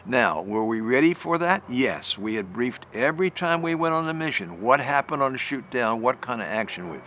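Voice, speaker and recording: Big pitch swings mark this recorded talk by an older retired general, who tells a vivid story, restarts phrases, and goes higher at tense moments. The pace is moderate, the voice a bit bright, and there's a little hiss or hum.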